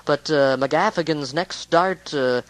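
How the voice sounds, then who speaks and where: A man's voice: fairly high pitch, takes it slowly, no room sound, poor audio. A man giving a casual, rambling spoken recap of a baseball game, with many hesitations.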